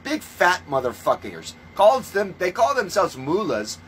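A man preaching in a ranting monologue, scornful and full of swearing, moving between calm teaching and loud outbursts. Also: high-pitched, a little slow, hardly any pauses, breathy edge, rough recording. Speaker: self-styled religious preacher.

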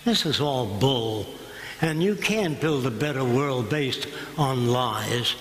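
A man's voice: mid-range voice, animated, slow pace. An older man giving a public lecture in a blunt, combative and sarcastic way. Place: lecture hall. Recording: echoey hall, room noise.

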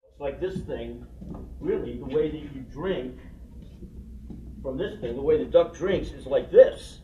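A man's voice: mid-range voice, unhurried, warm tone, slight background noise. Man teaching puppetry, heard from afar. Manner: loose, profane, keeps asking "you know what I mean?". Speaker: puppeteer leading a workshop. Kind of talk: teaching talk with demonstrations. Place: workshop room. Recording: distant, roomy, dull workshop recording.

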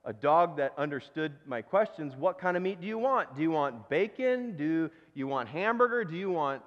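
A man's voice: fairly high pitch, animated, normal speed, natural voice. A man voicing an amazed, talkative male butcher in a sermon story, firing off eager questions. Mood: curious. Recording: dull recording with long church reverb.

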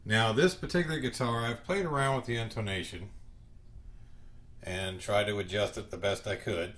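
A man hosting a home guitar tutorial, short of breath and speaking in slow, halting phrases with pauses. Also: fairly low pitch, fairly bright tone.

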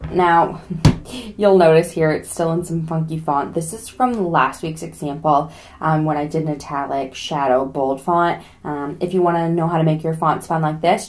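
A young adult woman hosting a casual how-to video, chatty and joking as she walks through a gadget step by step. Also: fairly low pitch. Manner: chatty, joking pleas to subscribe. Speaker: product demo host. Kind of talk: casual tutorial demo.

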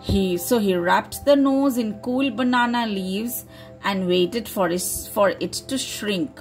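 A woman teacher from India reading a story aloud to children, stopping to explain words as she goes. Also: fairly high pitch.

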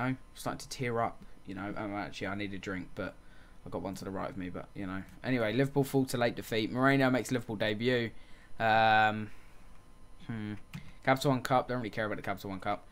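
A man giving casual let's-play commentary on a football management game, calling the action play by play and muttering frustrated asides. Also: mid-range voice. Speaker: gaming channel host.

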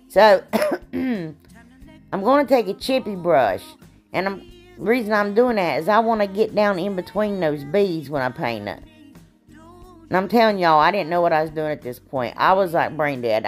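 A woman hosting a casual crafting tutorial, chatty and folksy, her voice a little froggy from allergies. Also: medium pitch. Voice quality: chatty, folksy, many "anyway"s and "y'all"s. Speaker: craft channel host.

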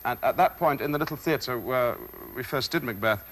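A male stage actor giving a talk on performing Shakespeare, in a measured, reflective way with thoughtful pauses. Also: medium pitch, lively intonation, fairly bright tone.

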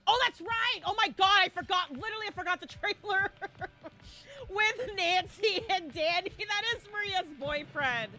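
A young woman streaming a horror game live, chatting to viewers and bursting into shouts and squeals. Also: very high-pitched, animated, measured pace. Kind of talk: live gameplay commentary.

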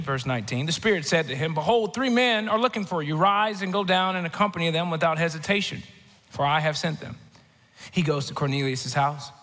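A man preaching a sermon in a church, telling scripture stories in an animated way and acting out the voices. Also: a little high, in a large hall. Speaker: guest preacher. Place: church auditorium.

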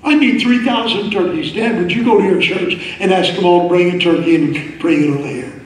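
A man's voice: high-pitched, fairly quick. An older man preaching a sermon at a conference, telling a story full of quoted voices and laughing asides. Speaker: pastor. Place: large conference hall. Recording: echoey hall from a distance.

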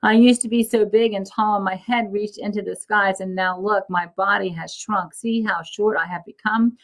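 A woman's voice: medium pitch, fairly even intonation, normal speed, natural voice, low-quality recording. A woman voicing a frightened first man who laments as his body shrinks. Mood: lamenting. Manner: anguished, lamenting.

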